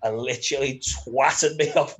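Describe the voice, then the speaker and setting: A man's voice: medium pitch, moderate pace, a bit bright. A man from Birkenhead with a Merseyside accent, telling rambling, sweary stories in casual chat and laughing mid-sentence. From Birkenhead, England.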